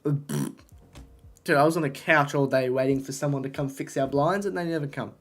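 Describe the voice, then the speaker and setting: A young man chatting casually on a live stream, talking to his chat, excitable and swearing often, into a desk microphone. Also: mid-range voice, moderate pace, faint music behind. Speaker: livestreamer.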